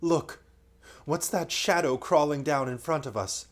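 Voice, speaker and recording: Eager boy king in a storybook, voiced by a male reader; lift the pitch, loud and excited. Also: a little slow. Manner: excited, breathless exclamations.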